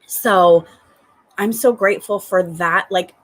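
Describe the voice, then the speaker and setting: A woman talking to her viewers in an upbeat, enthusiastic gratitude vlog, returning again and again to the same warm phrases. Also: medium pitch, takes it slowly. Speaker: spiritual coach.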